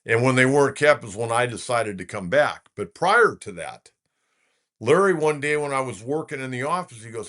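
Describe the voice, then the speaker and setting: A man's voice: medium pitch, expressive, normal speed, a bit bright. A man in his sixties from California, hosting a sports talk show in a folksy, rambling way with lots of filler words. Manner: folksy, rambling storyteller with many filler uhs. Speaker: sports radio host.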